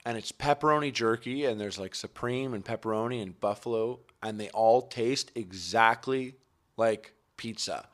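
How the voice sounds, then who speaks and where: A Canadian man with a mid-range voice, talking as a podcast guest. He tells animated stories and slips into gruff voices for the people in them. The talk is loose and conversational. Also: mid-range voice, normal speed. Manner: animated storyteller, acting out gruff exchanges. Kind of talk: casual chat.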